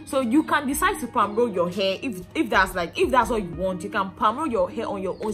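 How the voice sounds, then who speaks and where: Bright-voiced young Nigerian woman vlogging. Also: mid-range voice. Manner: chatty, rambling, many fillers and restarts. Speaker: hair vlogger. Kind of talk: casual chat to camera.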